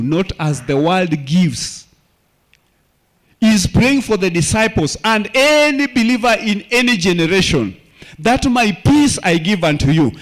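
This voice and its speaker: Male elder, high voice, sermon with call-and-response prompts. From Kenya. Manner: call-and-response questions, repeats key phrases. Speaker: church elder preaching.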